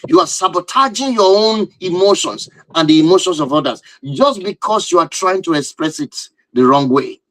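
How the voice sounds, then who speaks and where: A man's voice: sits high, animated, normal speed, hardly any pauses, a bit bright, no echo, rough recording. A man giving a live-stream talk on relationships and marriage, emphatic and driving his points home with repeated rhetorical questions.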